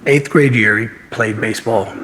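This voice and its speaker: On the low side and fairly bright, this man's voice moves at a moderate pace with slight background noise. He's a fifty-something martial arts instructor being interviewed, earnestly relating personal anecdotes and playing out the dialogue within them.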